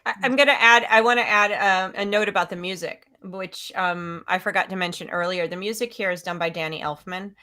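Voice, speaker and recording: A woman's voice: lowish voice, steady tone, brisk, few pauses, sharp tone. A woman on a film discussion stream, talking with eager enthusiasm and frequent restarts. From lives in the American South. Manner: enthusiastic, restarts and laughs often. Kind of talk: casual chat.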